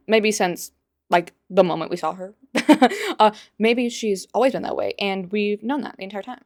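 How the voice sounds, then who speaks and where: A woman's voice: medium pitch, moderate pace. A young adult woman giving sarcastic, incredulous commentary in a vlog. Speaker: commentary vlogger. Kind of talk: opinionated commentary.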